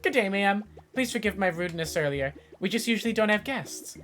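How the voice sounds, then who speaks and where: A woman's voice: medium pitch, expressive, brisk, a bit bright, soft background music, natural voice. A woman voicing a cheery, overly polite lodge keeper, reading game dialogue aloud with an affected accent and a grand hospitable manner. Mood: grandly welcoming.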